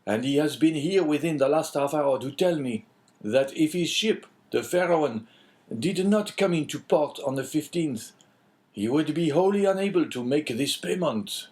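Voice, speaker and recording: A man's voice: on the high side, animated, normal speed, a little mellow, pitched above the performer's own voice, natural voice. A man voicing an anxious, eager middle-aged French prison inspector in an audiobook, in a fretful, pleading manner. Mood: despairing.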